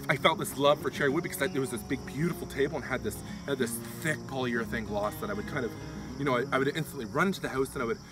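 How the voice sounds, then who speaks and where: A man hosting a comedy show outdoors, talking in a rambling, halting, gushing way that turns excitable. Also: mid-range voice, far from the mic. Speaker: comedy show host in character. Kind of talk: mock-earnest outdoor comedy monologue.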